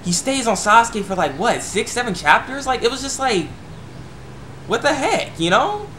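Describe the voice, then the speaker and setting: A young man vlogging casually, rambling with frequent stammers and restarts, breaking into quick excited bursts. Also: very high-pitched, a little hiss or hum. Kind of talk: casual opinion rant to camera.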